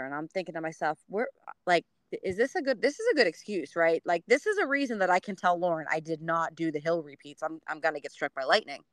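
Animated woman telling a story. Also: dry recording. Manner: animated, swears freely, acts out quotes in a high voice. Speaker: podcast co-host. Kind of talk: casual storytelling chat.

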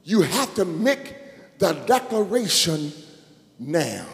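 A man preaching a sermon as bishop, calling to the congregation and rising into sung shouts. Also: high-pitched, very animated, takes it slowly, gravelly. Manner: call-and-response preaching, building to sung shouts. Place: church sanctuary. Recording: echoey church hall with music.

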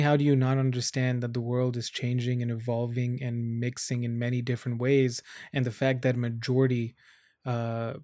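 Blunt, swearing man with a flat voice. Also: medium pitch, no echo, studio quality. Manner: blunt, frequent swearing, angry. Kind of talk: casual vlog commentary.

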